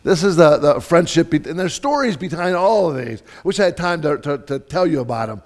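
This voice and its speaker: A man's voice: on the high side, expressive, a little fast. A man giving a sermon as a pastor in a church, telling stories in a loose, conversational way with many restarts. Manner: storytelling, conversational, with frequent fillers and restarts.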